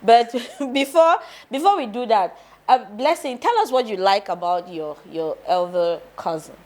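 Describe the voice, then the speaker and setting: A woman hosting a casual interview, chatty and quick to fuss over her guests. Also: on the high side, expressive. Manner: warm, apologetic, fussing over a guest.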